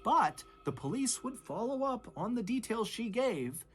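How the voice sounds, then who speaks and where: A man narrating a true crime story with dramatic shifts in pitch and loudness. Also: big pitch swings, a little slow, soft background music.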